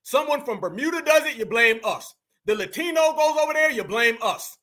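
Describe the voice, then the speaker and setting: A man's voice: very high voice, lively intonation, normal speed, bright, forceful tone. A man hosting a commentary show, talking emphatically in slangy, preacher-like bursts. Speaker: commentary host. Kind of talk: reaction commentary.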